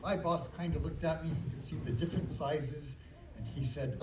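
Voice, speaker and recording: A male children's magician doing a playful, animated magic show and storytelling in a library, talking with the audience. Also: on the high side, normal speed, recorded from a distance, heavy background noise. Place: public library room. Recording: echoey room from afar with kids.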